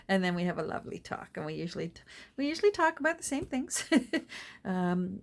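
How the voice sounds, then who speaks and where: A middle-aged woman chatting casually while she crafts at home, rambling along and murmuring soft asides to her materials. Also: on the low side, expressive, normal speed. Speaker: junk journal crafter and vlogger.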